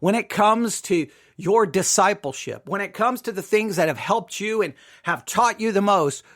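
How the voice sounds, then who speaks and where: A man's voice: high-pitched, lively intonation, moderate pace, fairly bright tone. A man giving an emphatic monologue to viewers, repeating figures and asking rhetorical questions, his voice cracking. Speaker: Christian commentator.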